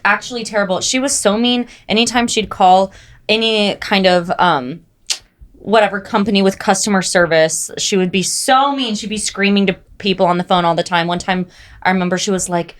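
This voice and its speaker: A young woman co-hosting a podcast, telling stories in animated casual chat, full of "like" and "oh my God". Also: medium pitch, fairly quick. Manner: animated storytelling, frequent "like" and "oh my God". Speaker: podcast co-host.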